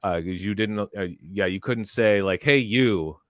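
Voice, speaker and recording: A man on a podcast, telling a story in a casual, animated way, close to a studio mic. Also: low-pitched, normal speed, no echo. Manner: animated, barks quoted drill lines. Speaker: podcast panelist.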